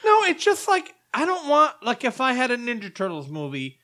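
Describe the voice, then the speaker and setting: A co-host grumbles in a prudish way during a relaxed conversation and keeps asking questions. The voice moves through a wide range of pitch, and the delivery is casual and chatty. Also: moderate pace. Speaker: podcast co-host. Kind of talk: casual chat.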